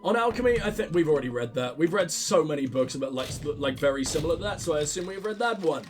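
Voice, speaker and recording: A man's voice: fairly high pitch, expressive, quick pace, soft background music. A man commentating on his own gameplay, sarcastic and profane, mocking what he sees. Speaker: let's play host.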